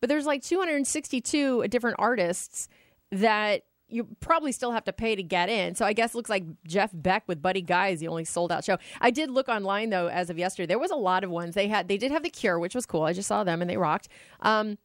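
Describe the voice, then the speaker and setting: A woman co-hosting a casual chat show, talking quickly and laughing often. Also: medium pitch, no room sound, studio quality. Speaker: co-host.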